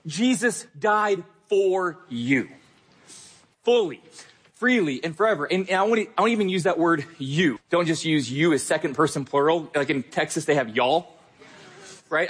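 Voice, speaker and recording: A pastor delivering an emphatic, earnest sermon, repeating key phrases. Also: male voice, on the high side, fairly quick, a bit bright, breathy edge.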